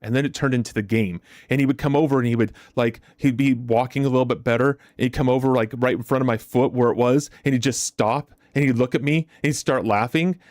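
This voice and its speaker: A man's voice: mid-range voice, quick pace, few pauses, no echo. Male streamer host, casual and chatty, with a lot of restarts. Dry, close sound. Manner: chatty, repeats words and restarts often; animated storyteller. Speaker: trading live-stream host. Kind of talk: casual live-stream commentary.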